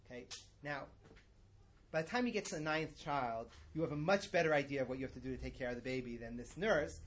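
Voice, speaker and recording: A man's voice: medium pitch, quick pace. Chatty, emphatic middle-aged male teacher. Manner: conversational, digressive, emphatic. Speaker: religious teacher. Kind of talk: lecture-style lesson.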